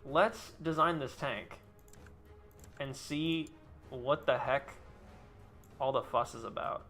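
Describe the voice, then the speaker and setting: A young man chats through his game stream in a bright, clear voice, teasing his viewers and swearing loosely. His talk is offhand and jokey, and faint music plays behind him. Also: medium pitch, slow pace. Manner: joking banter with chat, swearing. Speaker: live streamer. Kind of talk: casual gameplay commentary.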